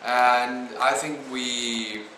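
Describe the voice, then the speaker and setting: Brief: young male acting student, eager stumbling chat, bright tone, roomy echo. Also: medium pitch, fairly even intonation, drawn-out words. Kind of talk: casual chat. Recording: echoey room with faint noise.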